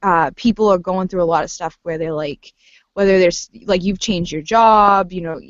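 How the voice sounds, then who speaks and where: A woman's voice: lowish voice, moderate pace, dry recording. Enthusiastic, rambling woman host in casual chat, dry muffled recording. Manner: enthusiastic, rambling, many fillers.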